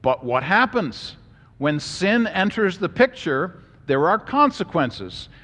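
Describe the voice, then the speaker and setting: A man's voice: high-pitched, takes it slowly. Emphatic man lecturing in a reverberant hall. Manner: animated, emphatic, joking asides. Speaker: Bible teacher. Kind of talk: classroom lecture with slides.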